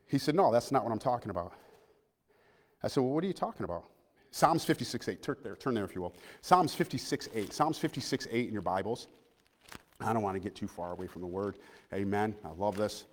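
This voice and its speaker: A man preaching a sermon as pastor, dropping into soft confiding asides, then rising to loud fervent preaching and calling out for amens. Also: on the low side, expressive, fairly quick. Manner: calls out for amens from the congregation. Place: outdoor service by a pond. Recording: long hall reverb.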